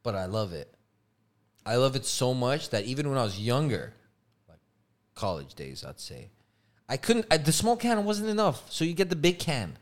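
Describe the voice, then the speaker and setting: A young man co-hosting a podcast in casual chat, telling stories with lots of swearing and loud, high outbursts. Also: moderate pace, pauses often. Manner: animated storytelling, swears freely, jumps into loud high outbursts. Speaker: podcast co-host.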